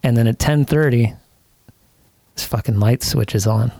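A man's voice: medium pitch, measured pace, vocal fry, warm tone, no room sound. A man co-hosting a podcast who tells a story in casual chat, swearing often and laughing as he goes. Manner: profane, laughing while telling a story. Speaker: podcast co-host. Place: podcast studio.

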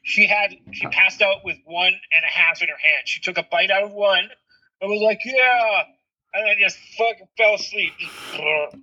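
Brief: thirties dad, husky high voice, swears freely, lo-fi sound. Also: male voice, moderate pace. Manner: animated storytelling, swears freely. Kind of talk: casual chat. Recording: dull lo-fi recording.

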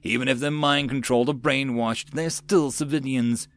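A man's voice: mid-range voice, steady tone, moderate pace, natural voice. A man voicing a tense male sergeant in an audiobook, barking terse orders over the radio. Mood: commanding.

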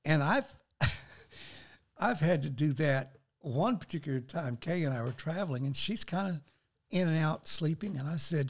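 At a measured pace and on the high side, an older man talks earnestly on a faith talk show where he's a guest. He's animated and quotes scripture as he shares.

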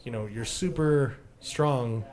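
A man's voice: mid-range voice, slow pace, darkish tone. A man in casual podcast chat, a salesman who tells stories and trails off into restarts. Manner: chatty storyteller, trails off and restarts.

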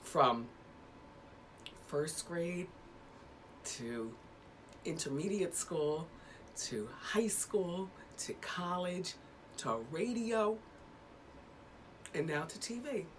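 A woman in her fifties, a talk show host making a measured, self-assured statement to her viewers. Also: fairly low pitch, lively intonation, a little hiss or hum. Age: 50s.

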